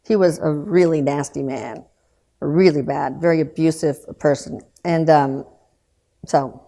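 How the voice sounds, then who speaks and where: A woman in her sixties, a guest telling a painful personal story in an earnest, subdued way, halting with restarts and trailing pauses. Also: low-pitched, fairly even intonation, dark tone. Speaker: guest recounting loss.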